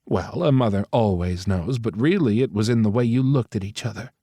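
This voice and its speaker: A man voicing an excitable middle-aged mother who gushes over her son, in an audiobook reading. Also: fairly low pitch, brisk, husky, no room sound. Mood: fond. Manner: gushing, fond, emphatic.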